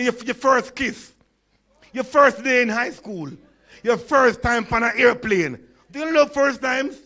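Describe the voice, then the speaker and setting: A Jamaican man in his sixties, with a very high, sharp voice, a stutter and a lisp, delivers a humorous conference talk. He tells stories and puts questions to the audience.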